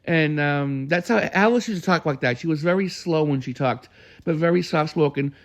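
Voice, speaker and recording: Gravelly man reminiscing casually. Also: a little high, moderate pace. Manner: rambling, with restarts and chuckles. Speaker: storyteller.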